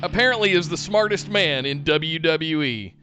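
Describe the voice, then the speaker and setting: A man co-hosting a casual wrestling podcast, giving quick, easygoing replies. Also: on the high side, animated, over music. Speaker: podcast co-host.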